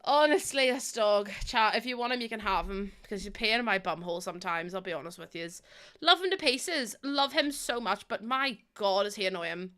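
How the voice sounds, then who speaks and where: A woman's voice: mid-range voice, lively intonation, moderate pace, fairly bright tone. A woman streaming from home into a desk microphone, chatting casually in a rambling storytelling way with lots of fillers. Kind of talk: casual live-stream chat while playing a game.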